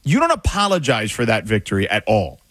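Male sports-talk co-host, animated and lively, quick to push back, dry close mic. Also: fairly low pitch, no echo. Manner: animated, pushes back, stammering restarts. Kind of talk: casual sports debate.

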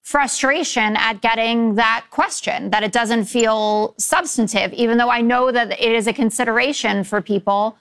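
Woman panelist with a slightly raised pitch; calm, measured argument. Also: smooth. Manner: measured, correcting others. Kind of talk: panel discussion.

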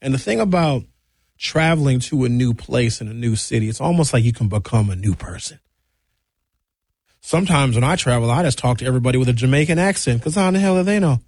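A man hosting a morning radio show, talking in a chatty, drawn-out, animated way. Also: medium pitch, husky, dry recording, clean studio sound. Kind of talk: casual talk-radio monologue.

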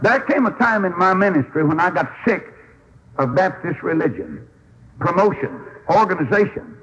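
A husky-voiced man preaches an old-time revival sermon in a folksy storytelling way, acting out the dialogue. His pitch sits fairly high and leaps all over. The sound is dull and lo-fi, like an old radio recording. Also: sing-song, moderate pace. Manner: folksy storytelling, acts out dialogue, swings up into shouts.

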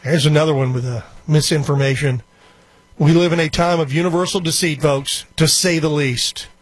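A man hosting a radio talk show, delivering a rambling, opinionated casual monologue full of quick asides. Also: a little high, steady tone, breathy edge, no echo.

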